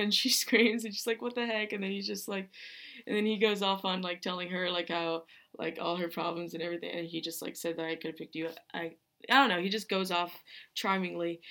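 A young woman retelling a movie on her podcast, speaking in a somewhat low voice. Her delivery stays fairly flat and even. She rambles loosely, with many fillers and restarts. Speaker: podcast host. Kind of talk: casual film recap.

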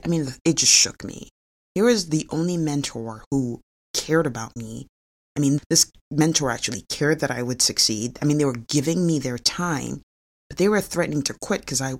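A middle-aged woman with a very deep voice, a physician and researcher, shares a personal story. She speaks earnestly and confessionally, with small laughs along the way.

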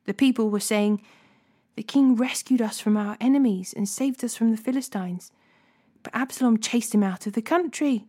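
A woman reading scripture aloud in a steady, deliberate way, with small slips now and then. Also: a little high. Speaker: Bible reading host.

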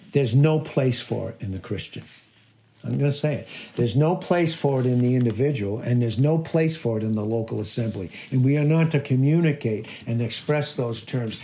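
A man's voice: medium pitch, lively intonation, normal speed, dark tone. A man preaching a sermon, emphatic and repetitive, firing off rhetorical questions to his listeners. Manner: repeats and stresses key phrases. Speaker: pastor.

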